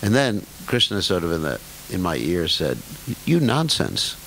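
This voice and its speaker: An older man with a lowish voice gives a scripture lecture, his pitch rising and falling a great deal. He drags out key words for emphasis and drifts into wry jokes at his own expense. Faint hiss runs under the recording. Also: very animated, moderate pace, fairly bright tone, rough recording. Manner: humorous, self-deprecating asides with chuckles. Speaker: spiritual teacher giving a scripture class.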